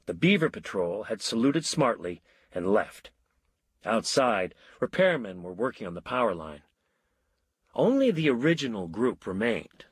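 Husky, expressive male narrator. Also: fairly low pitch, a little slow, dry recording. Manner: expressive, voicing many characters. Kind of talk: audiobook narration.

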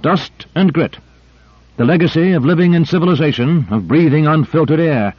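A calm male doctor explaining things in a measured, knowledgeable tone, as a male narrator puts him on. The voice is lifted above the reader's own. The sound is dry and slightly dull. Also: a little high, husky, dry recording, pitched above the performer's own voice. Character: calm, knowledgeable male physician guiding by radio. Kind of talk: audiobook character reading.

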